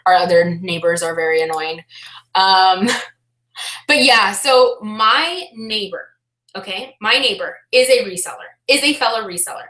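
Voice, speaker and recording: A young woman chatting loudly and animatedly on a casual live stream, talking about her life as an online reseller. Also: medium pitch, expressive, measured pace. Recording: echoey room.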